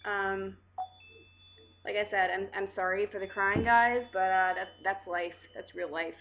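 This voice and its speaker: A woman's voice: mid-range voice, fairly even intonation, unhurried, highs cut off, a little hiss or hum. A woman hosting a casual live video chat, talking frankly and rambling straight to her viewers. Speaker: host.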